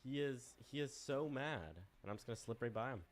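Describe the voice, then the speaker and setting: A man's voice: mid-range voice, expressive, brisk. A young man streaming a game, commenting in a playful, teasing, mischievous way as he plays. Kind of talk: casual gameplay commentary.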